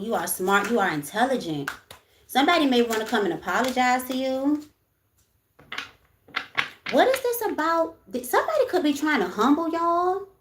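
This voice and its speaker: A woman's voice: medium pitch, reverberant, slight background noise. A woman hosting a casual livestream, talking bluntly with lots of swearing, moving between ranting and soothing her viewers. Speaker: livestream host.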